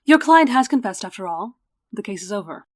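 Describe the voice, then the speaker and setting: A woman's voice: medium pitch, sing-song, fairly quick, slight background noise, close to an everyday voice. A woman voicing a cold, dismissive woman prosecutor. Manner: curt, dismissive.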